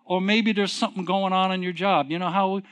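A middle-aged man preaches a sermon conversationally, speaking fairly quickly in a smooth, steady tone. He asks the congregation questions and swings between quiet, low passages and emphatic, raised ones.

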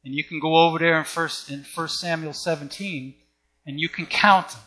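A man's voice: fairly high pitch, fairly even intonation, normal speed, pushed and bright. A man preaching a sermon with an emphatic, repetitive cadence.

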